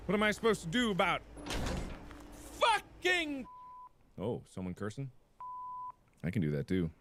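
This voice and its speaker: A man's voice: high-pitched, huge pitch swings, a little slow, pauses often, noisy background. A man commenting on a horror game he is playing, who yelps, screams and cracks jokes as he goes. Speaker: gaming video creator.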